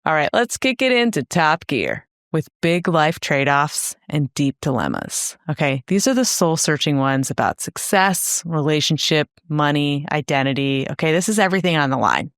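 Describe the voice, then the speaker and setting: A young woman co-hosting a podcast with low, teasing delivery. She jokes and riffs in casual chat. The sound is dry and close, with no room echo. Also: animated, normal speed, few pauses. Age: young adult. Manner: playful, teasing banter. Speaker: podcast co-host.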